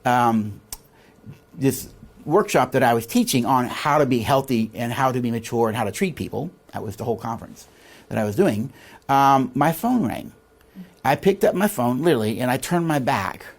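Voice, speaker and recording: A man's voice: medium pitch, expressive, normal speed. A man teaching leadership in a classroom lecture, quizzing his listeners with fill-in questions before a live audience.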